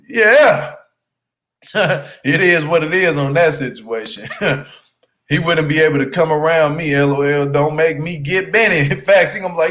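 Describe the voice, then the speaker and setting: A man offers casual, slangy recap commentary on a reality show, teasing, laughing and repeating "you hear me" for emphasis. His voice sits on the high side with a fairly bright tone, lively intonation and a brisk pace, captured in a low-quality recording.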